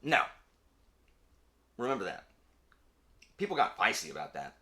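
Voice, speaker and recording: Young male host, casual and animated, bright voice, prone to rants. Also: lowish voice. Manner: animated, ranting, quick asides. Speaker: channel host; teacher. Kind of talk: casual chat.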